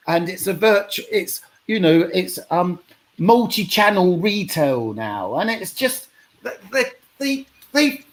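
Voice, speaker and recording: A man's voice: high voice, sing-song, slow. A man, a musician guest on a radio show, talking emphatically and repeating himself. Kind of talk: casual radio interview.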